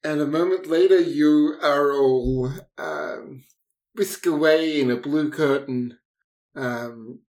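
Slow, hesitant tabletop game master. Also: mid-range voice, darkish tone. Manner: hesitant, many fillers and pauses.

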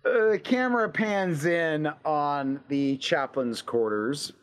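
A man's voice: on the high side, slow. A man narrating his scene as a player in a tabletop role-play, with vivid, descriptive scene-setting.

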